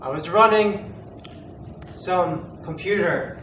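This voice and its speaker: A man's voice: high voice, takes it slowly, a bit bright. An actor playing a confused techno-human man who has lost his memory and questions himself aloud, in an amateur audio drama. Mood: bewildered. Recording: roomy, distant mic, noisy background.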